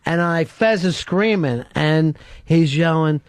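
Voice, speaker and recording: A man with a high voice hosts a talk radio show, spinning a long story full of swearing and laughing along as he goes. The sound is close and dry, with almost no room, from a studio microphone. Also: measured pace, dry recording. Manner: profane, laughs through his own story.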